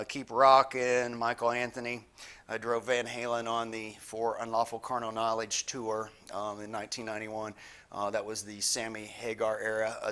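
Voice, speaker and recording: A middle-aged man hosting his own channel, telling relaxed stories with lots of "uh" fillers. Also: medium pitch, clear, resonant tone. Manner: chatty, many "uh" fillers, easygoing. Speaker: YouTube guitar channel host. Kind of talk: casual vlog storytelling.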